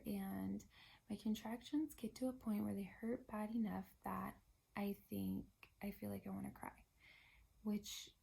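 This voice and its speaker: A young woman casually telling a personal story in a chatty way, often dropping to a hushed, half-whispered voice. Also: mid-range voice, vocal fry, slightly rough. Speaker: vlogger.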